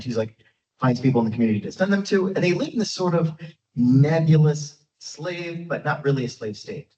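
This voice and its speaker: Lively male history lecturer, roomy and distant. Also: mid-range voice, normal speed. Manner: lively, conversational, frequent fillers. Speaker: guest speaker, history lecturer. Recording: echoey, dull, from far off.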